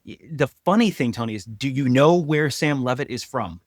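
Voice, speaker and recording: A man co-hosting a sports podcast, telling stories with wry humor and quick mock voices. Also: mid-range voice, animated, dry recording, studio quality. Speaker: podcast co-host. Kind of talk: casual sports chat.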